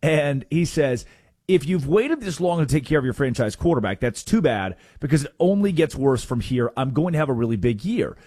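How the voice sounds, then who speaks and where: Husky sports radio host, animated. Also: male voice, mid-range voice, dry recording, clean studio sound. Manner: animated, quick to interject, repeats himself.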